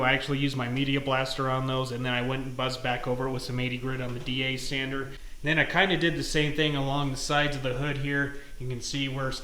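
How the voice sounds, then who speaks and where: A young man casually hosting a hands-on car restoration vlog from his home garage, explaining his steps in a relaxed, joking way. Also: mid-range voice. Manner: chatty, jokey, relaxed explaining. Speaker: host of a car restoration channel.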